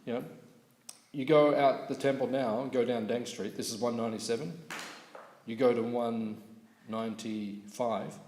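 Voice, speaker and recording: A man giving a morning scripture class at a temple, telling stories lively and checking in with his listeners. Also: mid-range voice, moderate pace, slight background noise. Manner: lively storyteller, asks audience questions, laughs. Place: temple hall. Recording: echoey hall recording.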